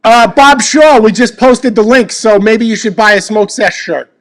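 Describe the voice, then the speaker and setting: High gravelly-voiced podcast host. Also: male voice. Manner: profane, joking, quick to answer viewers. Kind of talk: casual chat reading live comments.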